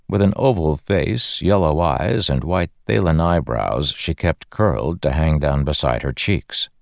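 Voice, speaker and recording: A man narrating a fantasy audiobook in a steady, measured storytelling style. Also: extremely low pitch, creaky, dry recording, clean studio sound.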